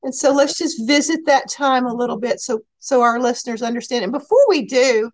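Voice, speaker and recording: A woman with a Texas accent hosting a podcast interview, asking gentle, encouraging questions over a remote call. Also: fairly high pitch, a little fast, no room sound. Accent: Texan. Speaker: podcast host.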